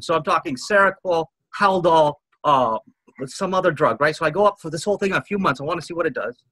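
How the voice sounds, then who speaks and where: A man's voice: a little high, fast talker, bright, forceful tone, breathy edge, no echo, low-quality recording. A man in his fifties, a guest telling his story in an interview, earnest and rambling, often quoting what others said. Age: 50s.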